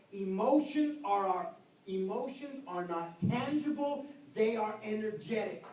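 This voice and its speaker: An older man preaching an impassioned sermon as an evangelist, swinging between loud outbursts and hushed low tones. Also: a little hiss or hum. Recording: echoey church, distant mic.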